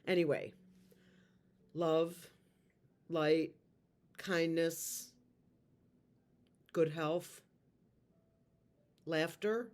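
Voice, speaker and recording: Slow, low-voiced tarot reader woman. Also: steady tone. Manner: soft, slow and heartfelt, emotional. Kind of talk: spiritual video talk to viewers.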